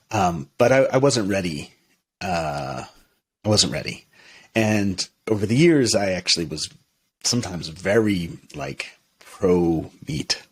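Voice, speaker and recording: Low husky-voiced man, halting and reflective. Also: a bit bright. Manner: halting, many restarts and fillers, thoughtful. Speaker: minister, interview guest. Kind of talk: reflective conversational interview.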